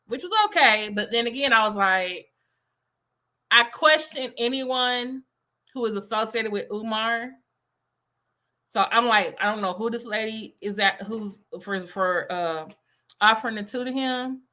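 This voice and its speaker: A woman's voice: fairly high pitch, unhurried, sharp tone. A woman teacher giving casual reaction commentary, rambling and skeptical. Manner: rambling, many fillers, skeptical.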